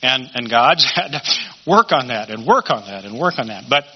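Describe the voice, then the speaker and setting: A man's voice: mid-range voice, lively intonation, moderate pace, a little hiss or hum. A man teaching a Bible study in a conversational sermon style, often asking rhetorical questions. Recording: dull lo-fi recording.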